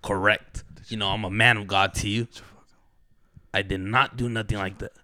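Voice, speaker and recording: A performer voicing a shifty, gruff middle-aged male baseball coach in a low, pushy drawl. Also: steady tone, normal speed, bright, forceful tone. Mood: gruff defensive.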